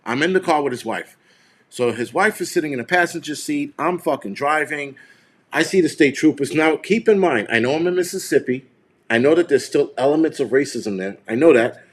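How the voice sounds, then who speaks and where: A man's voice: on the high side, animated, fairly quick. A man hosting a live stream, retelling a tense encounter in a heated, profane, rambling way. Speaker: show host.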